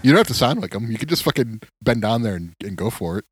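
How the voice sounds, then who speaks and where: A man's voice: medium pitch, sing-song, quick pace, husky, dry recording. A man co-hosting a podcast from a remote setup, chatting casually and rambling with lots of filler words. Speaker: podcast co-host. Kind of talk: casual chat. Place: recording remotely.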